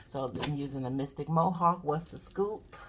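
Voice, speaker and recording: Low-voiced woman chatting through a tarot reading. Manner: chatty, drawn-out, trails off to soft murmurs. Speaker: tarot reader. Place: home reading space. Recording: loud background noise.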